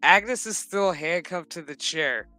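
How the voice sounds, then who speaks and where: A man's voice: fairly high pitch, expressive, unhurried, pushed and bright, no room sound. A man streaming a casual episode recap, rambling and swearing freely, laughing often as he goes, with music playing behind him. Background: background music.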